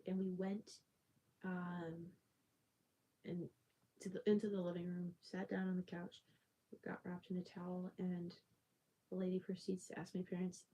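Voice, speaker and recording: A woman's voice: on the low side, monotone, measured pace, long pauses, husky, rough recording. A woman on a livestream telling a story in casual, rambling talk, full of fillers and self-corrections, sometimes dropping to a near-whisper. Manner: soft-spoken, drifts into near-whispers. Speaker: livestream host.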